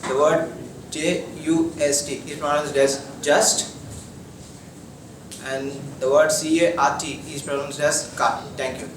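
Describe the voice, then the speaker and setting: A young man presenting in class, spelling words letter by letter in a steady recital. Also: fairly high pitch, slow pace. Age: young adult. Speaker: student presenter. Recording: echoey classroom from far off, noisy.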